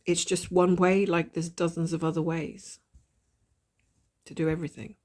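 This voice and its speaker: A woman with a gravelly voice and a blocked nose from a cold, chatting casually and thinking aloud while she stitches, with a self-deprecating manner. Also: fairly low pitch, flat delivery, normal speed, a little mellow. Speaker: cross-stitch vlogger. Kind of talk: casual stitch-along chat.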